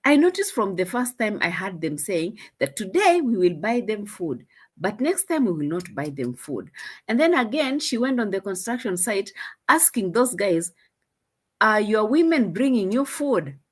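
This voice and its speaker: A woman's voice: medium pitch, very animated, moderate pace, husky. A young Kenyan woman with a Kenyan accent, chatting in a casual commentary vlog in a mocking tone, laughing often. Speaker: vlogger.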